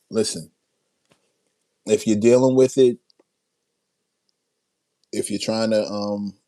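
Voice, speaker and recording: Man, livestream host, deep low voice, strained and tired-sounding, restarts his sentences, dry sound. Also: a little mellow, dry recording. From South Jamaica, Queens, New York. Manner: reading and answering viewer chat, with self-interrupting restarts. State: strained voice after a long night of yelling. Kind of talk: casual livestream commentary.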